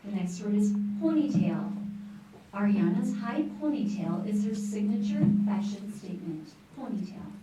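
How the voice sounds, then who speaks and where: A woman pronouncing words and reading example sentences at a school spelling bee, in a clear, encouraging, teacherly way. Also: mid-range voice, animated, moderate pace, dark tone. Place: large school room. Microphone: distant microphone. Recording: echoey room from far off, faint noise.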